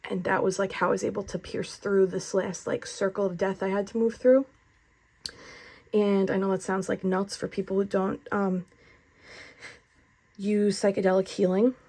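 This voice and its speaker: A woman's voice: medium pitch, vocal fry, a little mellow. A woman doing a tarot reading in an earnest, effusive, spiritual way, talking casually to her viewers. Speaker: tarot reader.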